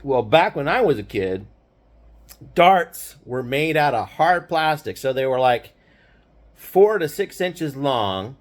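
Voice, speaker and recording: A man's voice: mid-range voice, very animated, slow pace. An older man telling a childhood memory in a loose, rambling way, often checking in with "right?" and laughing wryly at the grim parts. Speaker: grandfather storyteller. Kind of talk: casual personal storytelling.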